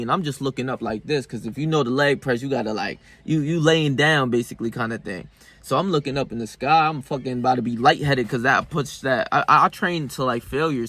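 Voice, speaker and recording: A man's voice: mid-range voice, fairly bright tone, no echo. A young man vlogging about self-improvement in a casual, profane monologue. He tells the story loosely, with lots of slang and fillers.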